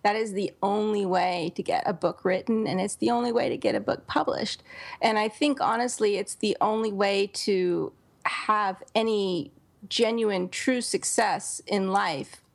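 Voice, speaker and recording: A woman hosts a relaxed podcast conversation in a mid-range voice. She thinks out loud and explains her views with small restarts. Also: medium pitch, unhurried, vocal fry. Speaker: podcast host and novelist. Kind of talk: casual podcast chat. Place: home in Dallas.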